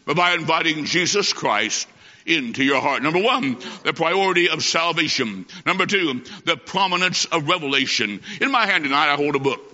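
A man preaching an evangelistic sermon, telling stories in a folksy, emphatic way, pushing and slowing his words for stress. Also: a little high, lively intonation, pushed and bright. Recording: dull echoey hall recording.

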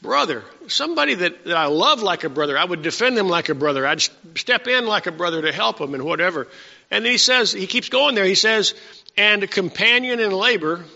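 A man preaching a sermon as the pastor of his church, animated and emphatic, often restarting his phrases. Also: high voice, brisk, gravelly. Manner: animated, rising to emphatic peaks, with frequent restarts. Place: church sanctuary. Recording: dull sound with hall reverb.

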